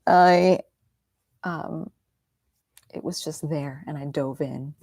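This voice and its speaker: A woman leads a guided meditation in an unhurried, slightly low voice, gentle and soothing and often dropping to a near whisper. Her tone is openly heartfelt and earnest. The recording is dry and close, with no room sound. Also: vocal fry, dry recording. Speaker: meditation teacher.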